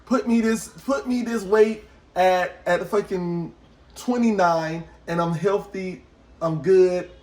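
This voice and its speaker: A man in a casual podcast chat, animated and swearing, who often acts out other people's voices. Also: high-pitched, takes it slowly. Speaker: podcast co-host.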